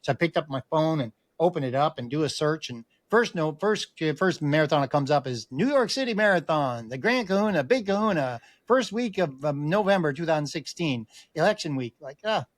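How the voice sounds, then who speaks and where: A middle-aged man, a podcast guest, telling a personal story in an animated way, acting out other people's voices and often restarting his sentences. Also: on the high side, brisk, hardly any pauses, no room sound. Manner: acts out quoted voices, frequent restarts.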